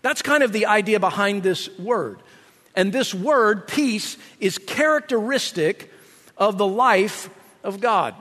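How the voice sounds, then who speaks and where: High-voiced preacher in an echoing hall. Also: male voice, lively intonation, takes it slowly, a bit bright. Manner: explanatory, conversational, asks 'right?'. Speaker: pastor. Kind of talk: sermon.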